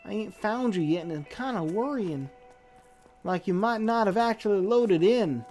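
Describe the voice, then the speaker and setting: A woman's voice: medium pitch, animated, normal speed, darkish tone, soft background music. Woman streamer in a put-on drawl. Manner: put-on made-up drawling accent, folksy slang; talks to game characters, impatient and profane. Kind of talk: live gameplay commentary.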